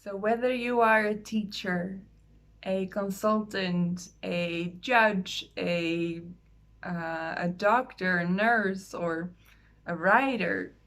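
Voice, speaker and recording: A woman coaching her online audience, unhurried and earnest. She talks gently, with long pauses, at a middle pitch. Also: fairly even intonation. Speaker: soul coach. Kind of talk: slow heartfelt online talk.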